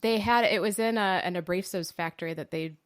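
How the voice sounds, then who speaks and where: A woman co-hosting a casual beer-tasting podcast, easygoing and quick to laugh. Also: fairly low pitch. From Minnesota. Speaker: podcast co-host.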